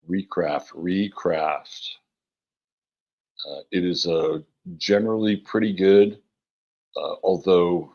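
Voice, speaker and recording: A man hosting an astrology livestream, greeting chat viewers by name in a relaxed, rambling way with many fillers and a gravelly, husky voice. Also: low voice, highs cut off. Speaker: astrology show host.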